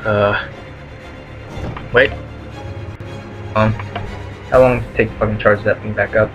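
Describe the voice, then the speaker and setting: A man's voice: lowish voice, little pitch movement, unhurried, long pauses, highs cut off, soft background music. Swearing, rambling young gamer guy. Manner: rambling, filler-heavy, swears constantly. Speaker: let's play gamer. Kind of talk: casual gameplay commentary. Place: at home.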